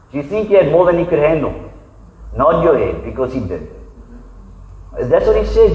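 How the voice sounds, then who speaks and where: A man's voice: fairly high pitch, expressive, normal speed, a little mellow. A man, a pastor preaching a conversational sermon and acting out quoted voices. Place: church hall. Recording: echoey hall, dull sound.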